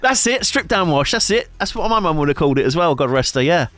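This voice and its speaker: A man's voice: on the high side, sing-song, fast, fairly bright tone, no room sound. A man in casual banter on a live stream, joking and laughing. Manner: jokey, bantering, laughs a lot. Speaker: streamer co-host. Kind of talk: casual chat.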